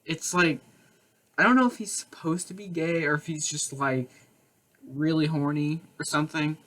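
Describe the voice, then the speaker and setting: A man's voice: on the high side, moderate pace, sharp tone. A man co-hosting a casual gaming podcast, rambling with lots of fillers and frequent laughter. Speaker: podcast co-host. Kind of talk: casual chat.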